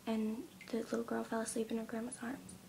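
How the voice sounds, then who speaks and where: A young woman in her teens retelling a story in a casual vlog, speaking softly and often near a whisper, with many ums. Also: on the high side, monotone, brisk, creaky, slight background noise. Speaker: vlogger.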